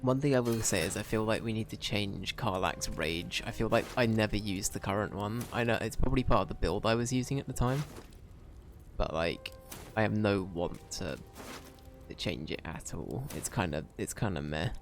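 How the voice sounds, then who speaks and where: A man's voice: lowish voice, normal speed, soft background music. Rambling man streaming a game. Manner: rambling, self-mocking, jokey. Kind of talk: casual gameplay commentary.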